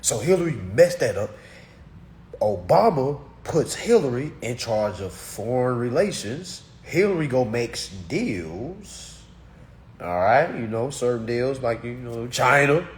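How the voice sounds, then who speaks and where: A man's voice: medium pitch, sing-song, slow pace, slight background noise. A man giving a casual political rant, speaking emphatically and straight to his listeners. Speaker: commentator.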